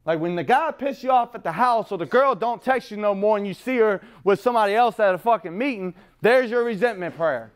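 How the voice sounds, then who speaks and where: High-pitched and clean in tone, the man talks a little fast with lively intonation and few pauses. He is a middle-aged speaker at a recovery meeting, blunt and rambling, swearing freely and laughing at his own expense.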